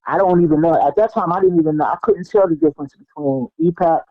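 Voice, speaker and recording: A middle-aged man, a podcast guest and martial artist, telling stories in an animated, casual way with many fillers and restarts. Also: sits high, quick pace, gravelly, no room sound. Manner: animated, lots of fillers and restarts, acts out what people said. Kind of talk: casual storytelling. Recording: dull lo-fi sound, dry.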